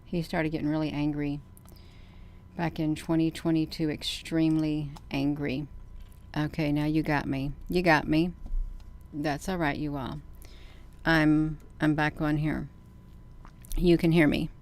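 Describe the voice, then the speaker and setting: A woman's voice: deep voice, little pitch movement, a little slow, pauses often, darkish tone. A woman hosting her own channel in a casual vlog monologue, talking earnestly and folksily and repeating herself often. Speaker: channel host.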